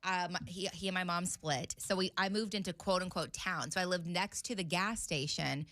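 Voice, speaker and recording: A woman's voice: on the low side, a bit bright, no echo. A woman co-hosting a podcast in casual chat, teasing her co-hosts and firing questions at them. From rural farm area. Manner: teasing, quick to question others. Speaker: podcast co-host.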